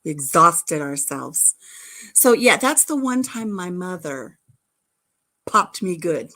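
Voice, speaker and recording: A woman's voice: lowish voice, expressive, slow pace, creaky, bright, forceful tone. A middle-aged woman hosting a casual livestream, telling childhood stories in a chatty, giggly way with playful innuendo. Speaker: livestream host. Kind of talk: casual chat, storytelling.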